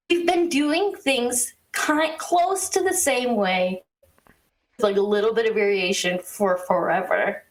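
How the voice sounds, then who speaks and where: A woman co-hosting a podcast, telling a story in a casual, animated way with quick asides and exasperated laughs. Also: on the high side, low-quality recording. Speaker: podcast co-host.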